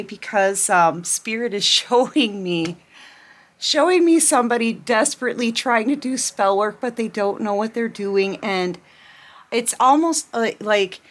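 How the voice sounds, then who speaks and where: A woman's voice: on the high side, moderate pace. A woman doing a casual tarot reading at home at night, chatty and often laughing, with many fillers. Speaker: tarot reader.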